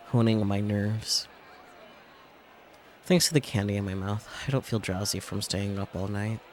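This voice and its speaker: A man's voice: fairly low pitch, slight background noise. A male streamer reading a visual novel aloud, with casual asides between the lines. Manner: reads narration, breaks off for casual asides. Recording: game music playing under the voice.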